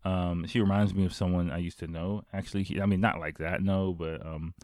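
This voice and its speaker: A man's voice: low voice, steady tone, a little fast, a little mellow, no echo, clean studio sound. A young man casually recapping a movie he watched, rambling with lots of fillers, restarts and swearing.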